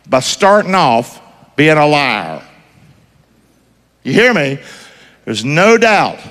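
A man's voice: a little high, in a large hall. A man preaching a sermon in a call-and-response style, firing questions for the congregation to answer. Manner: call-and-response preaching, asks the crowd to finish lines.

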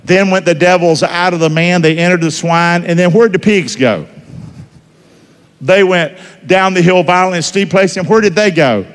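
In church, a pastor with a high-pitched voice preaches at a moderate pace, keeping it casual and conversational. His lively delivery is full of call-and-response questions aimed at the congregation, and the recording carries a long hall reverb.

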